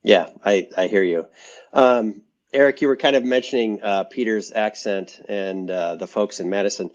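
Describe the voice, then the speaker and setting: Low-voiced man with muffled audio. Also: moderate pace. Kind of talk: casual podcast chat.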